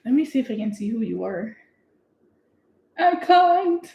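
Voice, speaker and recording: A young woman from Canada, chatting excitedly and giggling as she hosts her own livestream. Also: medium pitch, quick pace, vocal fry, muffled recording. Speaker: livestream host. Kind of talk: casual livestream chat. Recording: echoey room.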